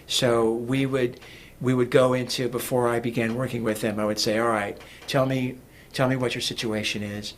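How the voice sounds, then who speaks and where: A man's voice: mid-range voice, flat delivery, moderate pace, few pauses, a little hiss or hum. A man talking as a guest in a casual interview, rambling with many fillers and restarts. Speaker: guest, music producer.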